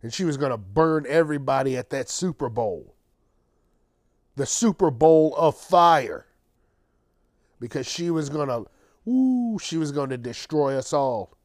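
A man's voice: a little high, expressive, unhurried, pauses often, dry recording, studio quality. A man hosting his own podcast, ranting casually and sarcastically with plenty of swearing, tired late at night. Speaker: podcast host. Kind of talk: casual solo monologue.

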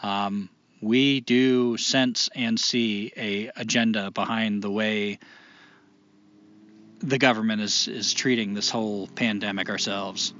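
A man's voice: on the low side, steady tone, takes it slowly, a bit bright, lo-fi sound, slight background noise. A man co-hosting a casual podcast, musing in a reflective, emphatic way. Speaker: podcast co-host.

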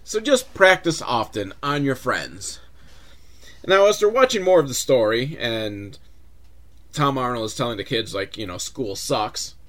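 A sarcastic man rambling through a movie recap with plenty of profanity. His voice is mid-pitched and very lively, swinging up and down as he jokes. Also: moderate pace. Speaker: host, film reviewer.

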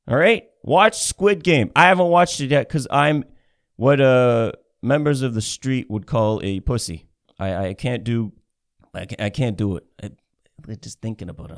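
Male comic, fairly high-pitched, sarcastic profane rant delivery. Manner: ranting, sarcastic, swears heavily. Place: Ontario, Canada.

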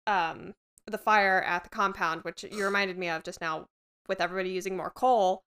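A woman's voice: mid-range voice, steady tone, normal speed, a bit bright, clear, resonant tone. A woman co-hosting a podcast in casual chat, asking questions and cracking dry jokes. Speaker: podcast co-host.

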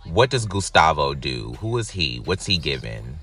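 A man giving casual reaction commentary, wry and animated, swearing freely. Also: rumbling low, moderate pace, slightly rough. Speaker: reaction vlogger.

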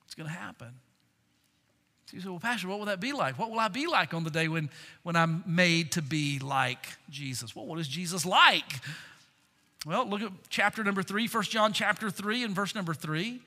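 A man, a pastor, preaching a sermon with a confessional, self-deprecating tone, swinging between loud emphatic bursts and hushed low phrases. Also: moderate pace, big-room sound.

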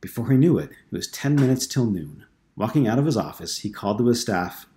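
A man reads a novel aloud in a steady, measured storytelling voice. His voice sits on the low side. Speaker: narrator. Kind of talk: audiobook narration.

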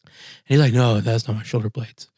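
A man co-hosting a podcast, rambling through a story in loose casual chat. He jumps into high, squeaky voices whenever he quotes someone. The sound is dry and close. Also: fairly even intonation, a little fast, mellow, breathy edge, dry recording. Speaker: podcast co-host.

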